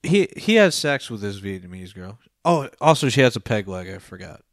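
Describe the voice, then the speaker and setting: A man's voice: on the low side, very animated, moderate pace, no echo, studio quality. A young man co-hosting a podcast, rambling through a film review with lots of fillers and casual swearing. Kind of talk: casual profane chat.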